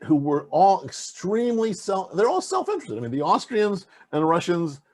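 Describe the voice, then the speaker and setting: A man with a husky, slightly rough voice talks in a casual interview, his pitch swinging widely as he gets into his stories. He rambles, stacks fillers and restarts, and keeps circling back to his point. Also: moderate pace. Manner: animated, rambling storyteller with many fillers and restarts. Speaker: interview guest, game designer.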